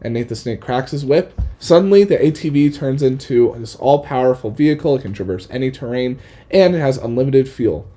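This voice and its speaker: A man's voice: mid-range voice, lively intonation, fairly quick, mellow. A man narrating an improvised comedic story in a playful, rambling way. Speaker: podcast host.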